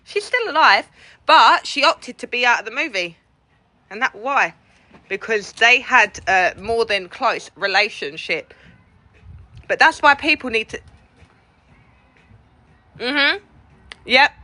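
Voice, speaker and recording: A woman's voice: fairly high pitch, animated, slow pace, long pauses, pushed and bright. A middle-aged woman, chatting and gossiping with viewers on a livestream from outdoors, greeting them by name. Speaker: livestream host. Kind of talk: casual chat to viewers. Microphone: phone.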